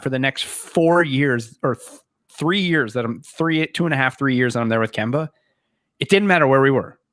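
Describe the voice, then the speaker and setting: A man co-hosts a podcast and spins a long, rambling anecdote at a mid pitch, often quoting others and restarting his sentences. The recording is dry and close, with no room sound. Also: fairly bright tone, no room sound. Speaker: podcast co-host. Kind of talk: casual storytelling.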